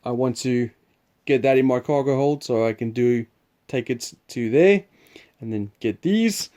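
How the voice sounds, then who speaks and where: A man's voice: medium pitch, a little slow, warm tone. A man hosting a board game preview, explaining the game in a rambling, chuckling, casual way. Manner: rambling, chuckling, restarts sentences.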